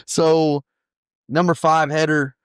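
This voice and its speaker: A male podcast host chimes in with short affirmations and follow-up questions. His voice is slightly high, smooth and clear, and it sounds dry and close. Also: flat delivery, slow, no echo. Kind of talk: casual interview.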